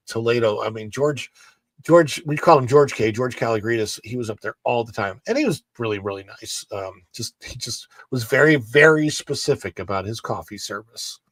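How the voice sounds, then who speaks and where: Podcast co-host, man, middle pitch, rambling chat, dry studio sound. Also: expressive, moderate pace, no room sound. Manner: rambling, with many fillers and restarts. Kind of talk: casual chat and reading news. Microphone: studio mic.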